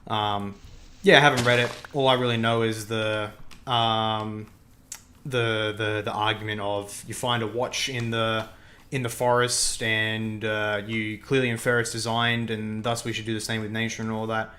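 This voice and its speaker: A man's voice: fairly low pitch, little pitch movement, normal speed, pushed and bright. A young man hosting a livestream who chats casually while gaming, thinking aloud, repeating himself and reacting to the game and chat. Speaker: livestream host.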